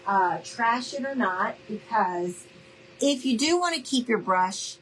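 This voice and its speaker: Slow-talking friendly craft host woman. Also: fairly high pitch, lively intonation, a bit bright, a little hiss or hum, poor audio. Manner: chatty, friendly, addresses viewers as y'all. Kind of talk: casual live crafting demo.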